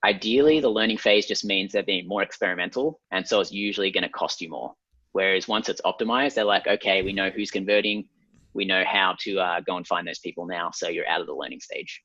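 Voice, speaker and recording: A man's voice: low voice, brisk, no echo. A man with an Australian accent, a guest ad consultant, walking step by step through an ad setup on screen with frequent ums. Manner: steady, methodical, frequent ums. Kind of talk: explaining a screen walkthrough. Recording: slightly dull lo-fi sound.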